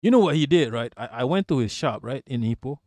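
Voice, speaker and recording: A man from Malaysia hosting a livestream, telling stories in an animated, swearing, casual way. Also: mid-range voice, quick pace, no room sound, clean studio sound. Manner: animated, profane storytelling. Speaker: livestream host.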